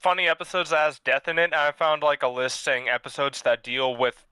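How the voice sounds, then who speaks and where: Guy with a bright crisp voice, blunt, super dry close mic. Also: a little high, level tone, fairly quick, no echo. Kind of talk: casual chat on a group stream.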